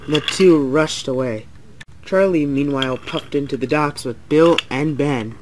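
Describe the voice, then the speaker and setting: Young male narrator for a fan toy-train story, slightly high voice, does all the engines himself. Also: unhurried, background noise. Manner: reads every character in lightly shifted voices.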